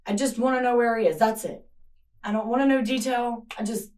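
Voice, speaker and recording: Caught on a distant surveillance camera with faint noise, a woman whose child is missing confronts someone in an interrogation room, pleading, angry and swearing. Her voice is a little high and darkish, steady in tone and fairly quick.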